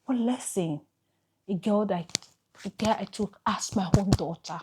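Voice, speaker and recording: Speaking to camera, a Nigerian woman vlogger shares an emotional story from her own life, pausing and repeating herself along the way. Her voice is medium in pitch, with background noise in the recording.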